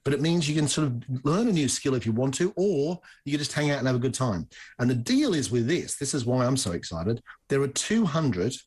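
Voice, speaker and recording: A man's voice: medium pitch, big pitch swings, brisk, a little mellow, slightly rough. An Australian man in his fifties, an upbeat and enthusiastic guest chatting in a studio interview. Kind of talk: casual interview chat.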